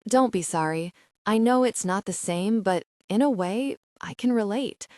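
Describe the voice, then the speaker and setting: Woman voicing a gentle young man, breathy and tender, dry audiobook read. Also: medium pitch, measured pace, dry recording, close to an everyday voice. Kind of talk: audiobook narration.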